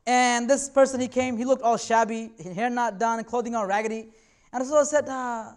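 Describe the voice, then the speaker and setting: A man's voice: extremely high pitch, brisk. Earnest man giving a conversational talk. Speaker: invited speaker. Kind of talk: religious talk to students.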